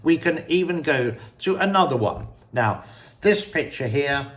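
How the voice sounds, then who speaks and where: A man hosting a picture quiz, talking slowly and deliberately and putting questions to the viewer. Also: medium pitch, big pitch swings. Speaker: show host. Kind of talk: casual commentary quiz to camera.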